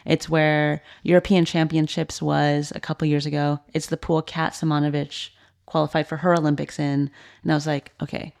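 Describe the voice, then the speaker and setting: A woman's voice: sits low, flat delivery, moderate pace, creaky, a little mellow. A woman in her thirties, a former swimmer and coach, candidly telling her story as a podcast guest, full of "like" fillers. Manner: earnest, heavy use of "like" fillers.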